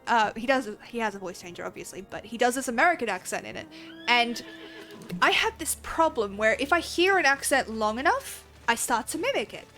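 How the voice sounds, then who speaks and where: Australian woman streamer, chatty and foul-mouthed, pitched a bit high, soft background music. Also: expressive, a little fast, poor audio. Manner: chatty, rambling, swears freely. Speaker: game streamer. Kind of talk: casual livestream chat.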